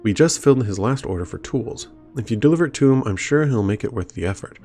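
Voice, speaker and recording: A man reading the lines of a busy male dwarf tool merchant from a game, brisk and matter-of-fact. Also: medium pitch, lively intonation, dark tone, faint music behind, lightly acted.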